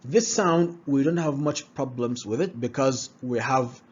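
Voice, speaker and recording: A man's voice: mid-range voice, unhurried, highs cut off, a little hiss or hum. A man who speaks English as a second language, teaching pronunciation and repeating each word several times with checks like "all right?". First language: not English. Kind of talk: pronunciation lesson, drilling words aloud.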